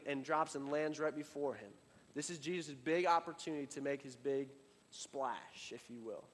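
A pastor with a slightly high voice preaches in a large hall, keeping his sermon casual and conversational. He uses lots of fillers and restarts, building up before dropping into quiet emphasis.

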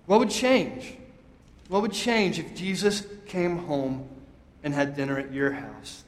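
A man's voice: fairly high pitch, takes it slowly. A man preaching a sermon as a pastor, emphatic and conversational, leading his congregation in call-and-response. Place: church sanctuary. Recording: echoey hall, long reverb.

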